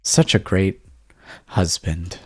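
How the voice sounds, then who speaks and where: A man's voice: low-pitched, takes it slowly, breathy edge, dry recording, clean studio sound, exaggerated voice. Man reading as a doting, possessive wife. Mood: sweetly possessive. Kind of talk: reading a text game aloud.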